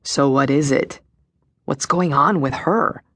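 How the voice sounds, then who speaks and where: A blunt, demanding gossiping woman with a gruff, rough voice, put on by a woman reading aloud. The voice sits deep and low. It is recorded close and dry, with no room around it. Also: takes it slowly, fairly bright tone, dry recording, exaggerated voice. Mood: hushed gossip. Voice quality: deeper and gruffer than usual.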